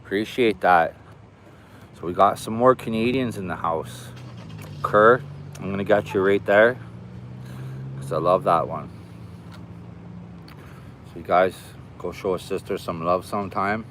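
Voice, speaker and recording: A man with a lowish voice chats easily to his livestream audience while out walking by a river, thanking viewers by name as their comments come in. Faint outdoor noise and passing traffic sit behind him. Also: measured pace, long pauses, a bit bright. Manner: chatty, reads out and thanks viewers. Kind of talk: casual live stream chat.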